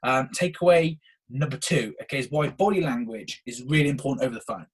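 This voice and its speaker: Fast-talking husky young man. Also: mid-range voice. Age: young adult. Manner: energetic, eager, peppers talk with "okay". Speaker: podcast host. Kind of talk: solo motivational podcast talk.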